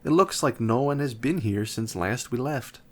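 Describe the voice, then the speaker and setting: A man's voice: mid-range voice, lively intonation, moderate pace, natural voice. A man reading a feisty outspoken schoolgirl. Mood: snappy. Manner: snappy.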